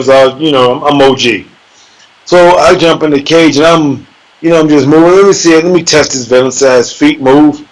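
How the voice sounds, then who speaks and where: A man, an MMA fighter guest in an interview, telling a sparring story in a casual, profane, animated way and acting out voices and sound effects. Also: on the high side, fairly quick, rough recording.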